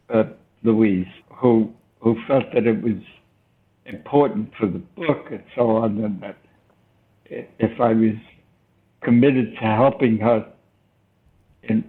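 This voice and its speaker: Older male interview guest, gravelly voice, thoughtful and halting, heard over a thin phone-like line. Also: mid-range voice. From United States. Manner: thoughtful, hesitant, with restarts. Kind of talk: reflective storytelling. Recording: tinny phone-line sound.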